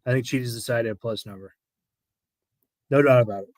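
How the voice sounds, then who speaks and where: A man's voice: mid-range voice, brisk, no room sound. A man giving betting analysis on a live stream, talking hesitantly with many fillers and repeated words. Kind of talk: casual live-stream chat.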